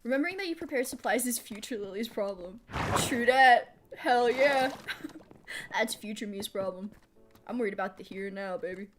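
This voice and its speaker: A woman streamer giving casual live gameplay commentary. She thinks out loud while she builds, answers chat aloud and laughs often. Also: medium pitch, fast, background noise. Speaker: streamer playing a building game.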